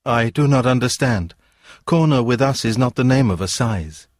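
A man voicing a serene, wise young woman from another world in a read-aloud story, speaking calmly and earnestly. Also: medium pitch, moderate pace, no room sound, clean studio sound, lightly acted.

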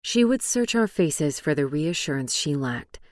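A woman with a low voice reads an audiobook in a calm, measured way. The sound is dry and close, with no room around her. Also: dry recording. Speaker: audiobook narrator. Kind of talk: scripted audiobook narration. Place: studio booth.

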